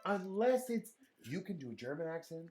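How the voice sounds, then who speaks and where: Sassy, animated drag co-host. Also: mid-range voice, normal speed, music in the background. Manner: animated, sassy, swears freely. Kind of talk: casual banter.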